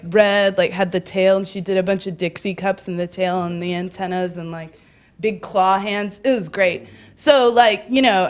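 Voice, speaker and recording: A young woman performing a stand-up comedy set at a live club, rambling and self-mocking with frequent giggles and fillers, bursting into loud, high-pitched quoted voices.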